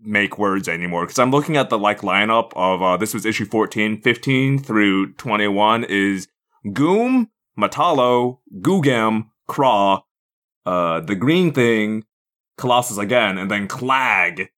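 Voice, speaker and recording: A man's voice: lowish voice, unhurried, a bit bright. A man co-hosting a casual chat with a wry, joking manner.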